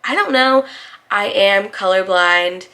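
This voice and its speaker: A woman's voice: medium pitch, slow, pushed and bright. A young woman with a slight lisp, chatting casually and bubbly as a beauty vlogger reviewing makeup.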